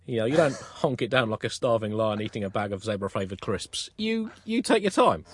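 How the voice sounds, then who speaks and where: Man, comedy narrator, lively melodic voice, dry close mic. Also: fairly low pitch, fairly quick, breathy edge, no room sound. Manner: playful, mock-grand delivery. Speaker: comedy podcast co-host. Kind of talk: comic storytelling narration.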